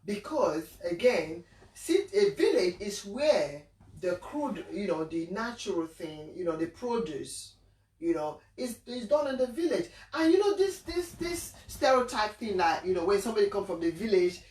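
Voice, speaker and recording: A woman with a Nigerian Igbo accent, hosting a casual discussion, animated and often repeating her words. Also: medium pitch, moderate pace. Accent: Nigerian Igbo English. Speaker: host. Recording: echoey room, mic at a distance.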